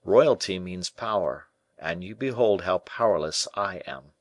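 A man's voice: sits low, lively intonation, unhurried, dry recording. A man voicing a young male prisoner who speaks in pleading, despairing tones in an audiobook.

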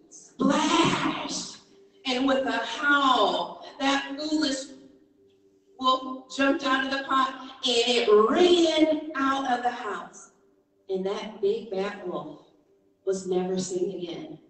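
A woman preacher telling a story within a sermon, animated and emphatic. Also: mid-range voice. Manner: animated, emphatic, rising to exhortation. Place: church. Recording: echoey church hall from far off.

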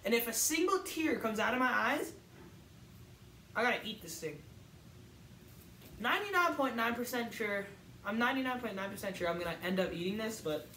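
A woman vlogging in a casual, playful way, joking with her viewers and breaking into sudden loud exclamations. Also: a little high, lively intonation, normal speed, pauses often, slight background noise. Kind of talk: casual vlog chat.

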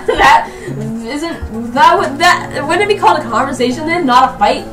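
A woman's voice: high voice, expressive, a little slow. A woman voicing a cheerful young female toy horse playing a game, bubbly, giggly and playfully sarcastic. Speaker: let's play player. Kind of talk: let's play commentary. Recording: roomy, distant mic, background music.

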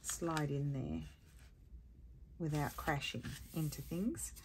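A woman with a low, tired voice talks casually through a crafting tutorial. She rambles and thinks aloud as she works. Steady background noise runs under her voice. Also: takes it slowly. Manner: chatty, rambling, thinks aloud while working.

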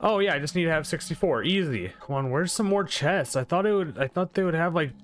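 A man giving live commentary over his own gameplay, excitable and full of exclamations and mild swearing. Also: on the high side, brisk. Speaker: gaming video creator.

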